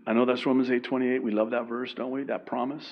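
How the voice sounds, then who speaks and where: A male pastor delivers a sermon with animated, self-deprecating energy and laughs often. He slips into little acted voices as he tells his stories. His pitch sits in an ordinary middle range, and the recording is slightly dull. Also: quick pace, slight background noise.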